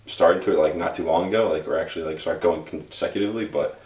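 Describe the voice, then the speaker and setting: A man's voice: low-pitched, quick pace, a little mellow. A young man in a casual chat with friends, speaking hesitantly with many fillers. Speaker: guest. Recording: roomy sound from a distant mic.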